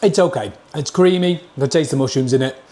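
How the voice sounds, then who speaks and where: A man's voice: mid-range voice, quick pace, warm tone. Man, Northern English accent, blunt plain talk, casual food vlog, camera mic at a table. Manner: blunt, plain-spoken, scores each dish out of ten. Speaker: food reviewer.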